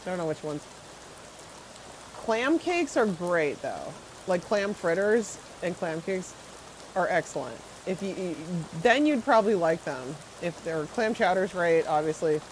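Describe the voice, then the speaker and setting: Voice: medium pitch, expressive, a little slow, slight background noise, poor audio. A game streamer in casual live-stream chat, rambling and answering viewers while playing, with firm opinions and frequent filler words.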